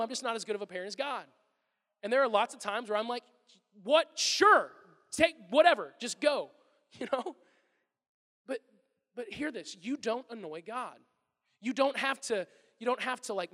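With a high voice, a thirty-something pastor gives a lively, conversational sermon, dramatizing ordinary little scenes. The recording carries a long reverb tail.

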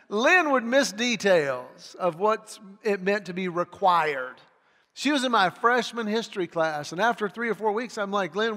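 Male pastor, forties, high voice, animated storyteller, long reverb in a big hall. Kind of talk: sermon with storytelling.

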